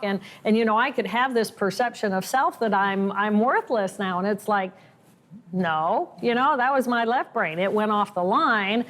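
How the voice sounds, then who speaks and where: A woman guest in a conversational interview, speaking expressively and acting out inner voices as she explains. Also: normal speed. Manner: expressive, acts out inner voices with rising pitch.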